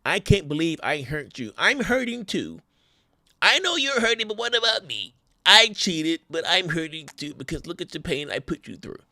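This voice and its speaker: A man's voice: on the high side, sing-song, moderate pace, bright, forceful tone, no room sound, pitched above the performer's own voice, exaggerated voice. A man putting on the voice of a self-pitying, manipulative partner, mocking their fake-tearful apologies. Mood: whiny mocking.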